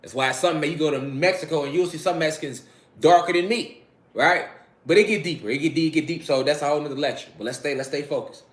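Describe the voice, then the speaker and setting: A man's voice: fairly high pitch, fast talker, breathy edge. A man giving a casual spiritual lecture, preaching to his listeners, repeating phrases and calling them family. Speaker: spiritual talk host.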